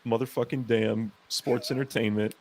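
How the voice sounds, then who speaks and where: A man's voice: mid-range voice, fairly even intonation, moderate pace, dry recording. A young man co-hosting a podcast, ranting sarcastically with plenty of swearing. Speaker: podcast co-host. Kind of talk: casual podcast chat.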